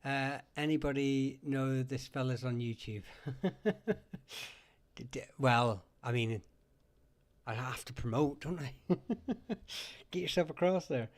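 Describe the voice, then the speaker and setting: A man's voice: mid-range voice, takes it slowly, pauses often. A man with a Northern Irish accent hosting a casual live chat, rambling and laughing often as he talks. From Northern Ireland. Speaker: livestream host.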